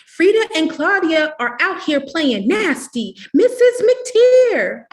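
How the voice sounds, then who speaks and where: A woman's voice: big pitch swings, slow pace, full character voice. A woman reading aloud, voicing a little girl who hollers to tell on the other children. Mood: hollering. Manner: shrill, hollering. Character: shrill tattling little white girl.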